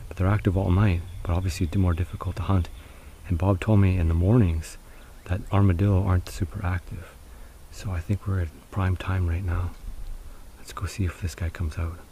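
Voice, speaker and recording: A man's voice: low-pitched, little pitch movement, moderate pace, warm tone, slight background noise. A man narrating an outdoor survival vlog, chatty and speaking straight to viewers, outdoors in rural fields at dusk. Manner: chatty, addresses viewers as guys. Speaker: survival challenge vlogger.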